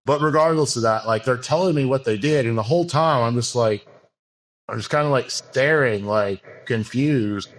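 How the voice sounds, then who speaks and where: This clip is casual interview talk from a podcast guest, a man who works as a bodybuilding coach. His story is frank and rambling, full of fillers and restarts, told in a mid-range voice at a moderate pace.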